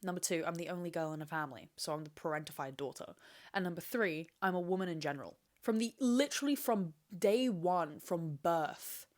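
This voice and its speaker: A woman's voice: fairly low pitch, brisk. A young woman hosting a casual solo podcast, talking candidly and rambling with plenty of swearing, asking herself questions and answering them. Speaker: podcast host.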